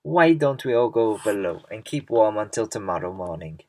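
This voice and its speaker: Guy reading a calm sensible spider lady, near his own voice. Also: fairly low pitch, moderate pace. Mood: suggestive. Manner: gently suggesting.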